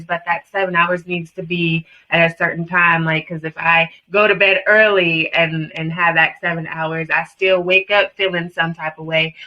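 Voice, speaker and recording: A woman's voice: fairly low pitch, dull audio. A woman hosting a podcast interview, talking in an earnest, emphatic way that is full of "like". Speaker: podcast host. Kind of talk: conversational interview.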